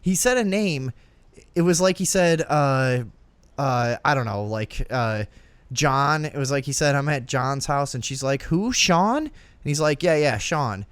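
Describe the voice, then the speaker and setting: Young male host, casual, profane storyteller, mid pitch, dry close mic. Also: measured pace, clean tone, dry recording. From Downers Grove, Illinois area. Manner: profane, laughing, acts out voices in anecdotes. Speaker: podcast host.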